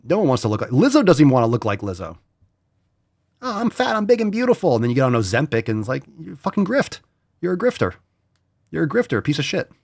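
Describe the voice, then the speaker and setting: A man's voice: medium pitch, big pitch swings, racing, vocal fry, darkish tone, no echo, clean studio sound. A man hosting a podcast, talking bluntly and profanely in casual chat, mocking others in put-on voices. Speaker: podcast host.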